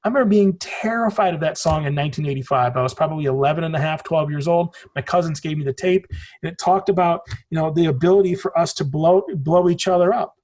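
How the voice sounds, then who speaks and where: A man's voice: fairly high pitch, fast, darkish tone. A man in his forties, a podcast guest in casual conversation, telling rambling stories and swearing casually. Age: 40s.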